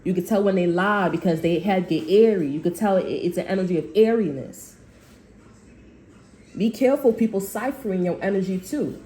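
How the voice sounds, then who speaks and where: A woman's voice: mid-range voice, normal speed, mellow, slight background noise. A woman tarot reader in a casual, rambling spiritual monologue, blunt and full of swearing. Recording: echoey room.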